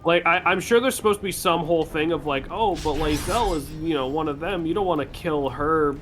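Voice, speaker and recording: A man's voice: a little high, brisk, fairly bright tone, soft background music. A man giving casual, sarcastic commentary while playing a video game, cursing freely. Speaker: game streamer.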